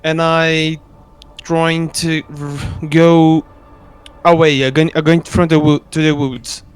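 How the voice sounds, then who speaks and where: A man with a smooth, clear and fairly high voice plays a tabletop game. He speaks hesitantly and stammers through restarts. The talk runs over an online voice call. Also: flat delivery, takes it slowly. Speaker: player.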